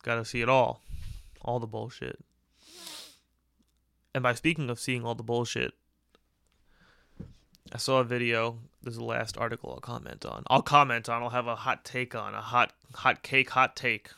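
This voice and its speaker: A man rambling crudely through a solo podcast rant, jumping into little voiced asides. His voice is bright and smooth, recorded close and dry with no room sound. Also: mid-range voice, little pitch movement, moderate pace, pauses often, dry recording. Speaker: podcast host.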